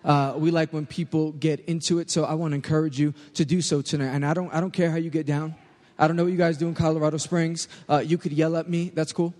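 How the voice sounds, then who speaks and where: A man with a New York accent preaching to a youth crowd as a youth pastor, lively and joking, calling out for the crowd to answer back. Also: on the high side, fast talker. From United States. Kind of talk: energetic sermon to a youth crowd. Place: large church hall. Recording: live hall recording with long reverb.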